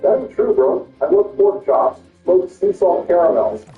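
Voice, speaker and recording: A man's voice: sits high, animated, measured pace, distant mic. A man chiming in with casual, slangy teasing as a co-commentator. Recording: tinny phone-like line, roomy, music.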